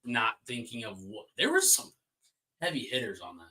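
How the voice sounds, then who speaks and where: Male co-host, lively pitch, bright tone, animated storyteller. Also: moderate pace. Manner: animated storyteller, mimics voices. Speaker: podcast co-host. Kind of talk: casual chat.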